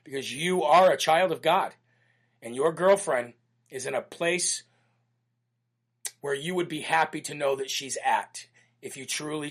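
A man's voice: medium pitch, a bit bright. An American man hosting a talk show, reading listener letters and talking in a brash, emphatic, preachy way. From United States. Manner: reads listener letters aloud. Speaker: host.

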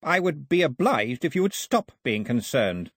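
A man's voice: medium pitch, very animated, moderate pace, breathy edge, dry recording, clean studio sound, voice pushed up. A man voicing a stern, testy old island priest who speaks curtly and lectures. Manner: curt, suspicious, lecturing.

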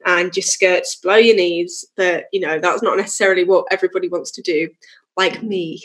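A woman's voice: lowish voice, steady tone, a little fast. Chatty young woman musician. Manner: chatty, laughs often, many fillers. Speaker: musician guest. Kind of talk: casual interview chat.

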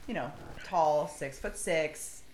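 A woman's voice: low voice, takes it slowly. A woman guest on a podcast, telling her own dating story candidly and calling herself stupid, with many fillers. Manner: candid, self-deprecating, lots of fillers. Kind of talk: casual confessional chat. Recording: echoey room, faint background noise.

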